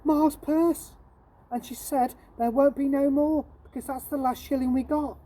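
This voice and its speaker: A woman voicing a poor, cheeky young street boy in a higher, louder voice than her own. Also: steady tone, a little slow. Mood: pleading.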